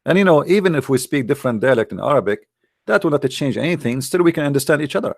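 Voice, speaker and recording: A man's voice: on the high side, expressive, fast, vocal fry, no echo, studio quality. A man hosting a live stream, arguing emphatically and scornfully in non-native English, repeating words for effect. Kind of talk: argumentative commentary to a live chat.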